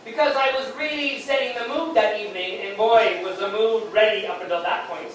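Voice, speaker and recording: A man's voice: high voice, fairly bright tone. Rambling male stand-up comic in an echoey hall. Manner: rambling, halting delivery with many restarts and fillers. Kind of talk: stand-up storytelling. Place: beer hall comedy stage. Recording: very echoey hall, distant mic, faint noise.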